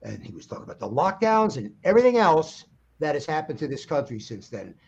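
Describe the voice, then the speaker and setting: A male guest songwriter in a casual political chat, emphatic and opinionated, with halting fillers. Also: a little high, very animated, vocal fry, a little mellow, husky. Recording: dull lo-fi line.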